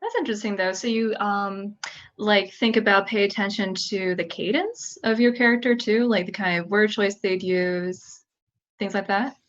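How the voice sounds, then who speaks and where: A woman's voice: mid-range voice, steady tone, moderate pace, a bit bright. A woman hosting a podcast, asking her guests curious follow-up questions. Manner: inquisitive, asks follow-up questions, upbeat. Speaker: podcast host. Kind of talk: casual podcast chat. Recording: dull lo-fi sound.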